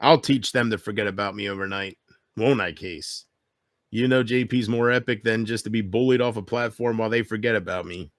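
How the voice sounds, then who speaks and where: A man vlogging a bitter, taunting rant straight to camera, swinging from loud outbursts to low mutters. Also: fairly quick, no room sound, studio quality. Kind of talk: ranting monologue to camera.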